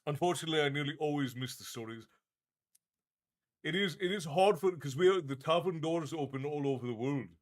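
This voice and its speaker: A man's voice: fairly high pitch, a little fast. A man hosting a livestream in a tavern-keeper persona, chatting casually and reading out viewer comments in a friendly, easygoing way with frequent restarts.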